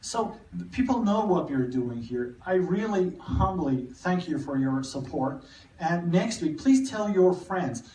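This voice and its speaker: A man giving a live literature lecture, talking haltingly with many repeated words and restarts. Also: high voice, animated, dark tone, slight background noise. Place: cinema hall. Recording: echoey room, mic far off.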